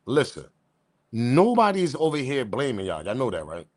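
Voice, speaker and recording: A man hosting a live stream, talking in a casual, rambling and slangy way, reacting to a video and shouting out viewers. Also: mid-range voice, sing-song, fast talker, no room sound, clean studio sound. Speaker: host.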